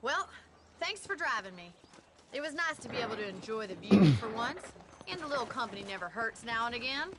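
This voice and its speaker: A woman's voice: on the high side, very animated, brisk, crowd noise. An actress voicing a frank, teasing young ranch woman in video game dialogue, dry and blunt. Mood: warm. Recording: game audio under loud hoofbeats and ambience.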